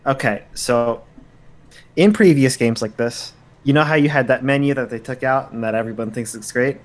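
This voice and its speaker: A man's voice: mid-range voice, moderate pace. A man on a casual gaming podcast, giving blunt, matter-of-fact opinions. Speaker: podcast co-host.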